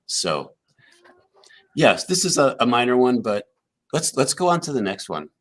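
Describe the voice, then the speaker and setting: A man's voice: mid-range voice, sing-song, a little slow, a bit bright. A man co-hosting a casual panel chat, musing expressively.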